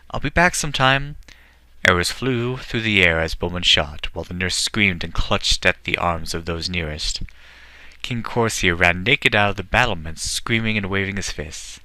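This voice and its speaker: A man's voice: deep voice, bright, forceful tone, no echo. A man reading a fantasy novel aloud as scripted narration, with small shifts for the characters. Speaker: book reader.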